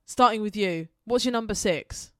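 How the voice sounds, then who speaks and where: A woman co-hosting a podcast chats casually, sounding enthusiastic and loose and swearing freely. Her voice is medium-pitched with a fairly bright tone and a moderate pace, recorded dry with clean studio sound.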